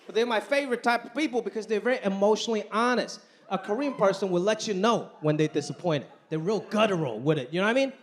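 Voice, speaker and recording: A man in his thirties performing a stand-up comedy set on a theater stage, animated and acting out family members in exaggerated voices. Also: high voice, quick pace, hardly any pauses. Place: large theater stage with live audience. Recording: live show with loud audience noise.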